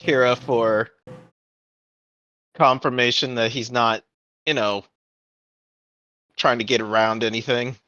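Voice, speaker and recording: A man's voice: mid-range voice, fairly even intonation, slow pace, pauses often, sharp tone, clear, resonant tone, highs cut off. A man player in a tabletop game, asking questions in a hesitant way.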